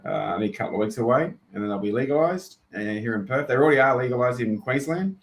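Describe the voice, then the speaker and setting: A man's voice: medium pitch, lively intonation, fast talker, slight background noise, low-quality recording. Easygoing Australian man on stream. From Western Australia. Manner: easygoing, laughs often. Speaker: livestream co-host. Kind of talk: casual live-stream chat. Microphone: laptop webcam.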